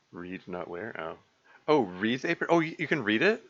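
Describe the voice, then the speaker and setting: A low-pitched man talks through his game stream in a loose, rambling way, stumbling over words and chuckling. His voice has a bright, forward edge. The recording sounds a little dull. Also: big pitch swings. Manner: rambling, halting, many fillers and restarts, chuckling. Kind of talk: casual let's-play commentary.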